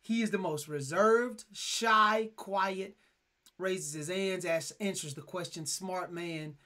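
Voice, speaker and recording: A young man with a high, bright, forceful voice co-hosts a casual podcast. He tells stories with emphasis and animation. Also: takes it slowly. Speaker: podcast co-host.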